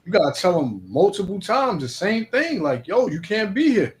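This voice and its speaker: A man chats casually. He reads scripture at a slow, deliberate pace, then drifts into relaxed street talk. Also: high voice. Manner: reads Bible verses slowly, then comments in loose street talk. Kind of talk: casual chat about scripture and life.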